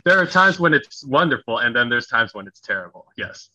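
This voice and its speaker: Man with a very bright, forceful voice. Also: medium pitch, fairly quick, lo-fi sound, slight background noise. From United States (Wisconsin, then Tennessee). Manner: animated storyteller who acts out quoted voices and laughs at himself. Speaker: guest, conflict resolution coach. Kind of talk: podcast interview storytelling.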